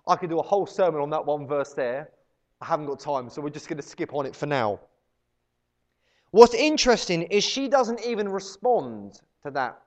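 A man's voice: on the high side, expressive, moderate pace. A man preaching a conversational sermon, chatty and often acting out little everyday scenes. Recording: dull lo-fi sound.

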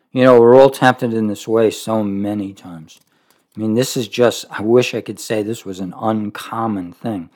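Reading a devotional book aloud, a man sounds earnest and reflective, pausing often and breaking off for heartfelt comments of his own before returning to the text. His voice sits on the low side and is a little mellow.

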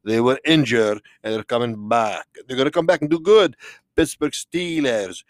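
A man's voice: mid-range voice, moderate pace, no room sound, studio quality, close to an everyday voice. A man voicing a tipsy, rambling male vampire count who slurs and jokes about his football bets. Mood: boastful. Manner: slurred, rambling, drunk-sounding.

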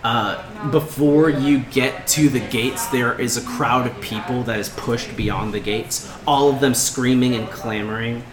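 A man's voice: medium pitch, unhurried, few pauses, music in the background. A young man running a tabletop game as game master, narrating casually with fillers and restarts. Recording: roomy room with crowd chatter.

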